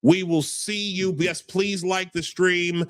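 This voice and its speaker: A man's voice: high voice, steady tone, takes it slowly. A man with a New York accent hosting a casual livestream, brash and stammering as he reads chat aloud. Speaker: podcast host.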